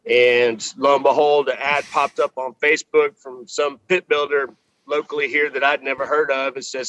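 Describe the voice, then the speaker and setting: A man from Texas, guest on a barbecue podcast, chatting in a relaxed way with many pauses, on a video call from outdoors. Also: fairly high pitch, dry recording, highs cut off. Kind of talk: casual podcast conversation.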